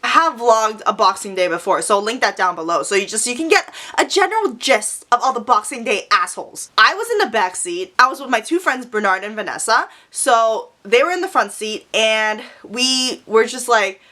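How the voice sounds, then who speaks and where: A young woman telling a storytime vlog in an animated, profane, dramatic way. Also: fairly high pitch, moderate pace, hardly any pauses. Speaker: vlogger.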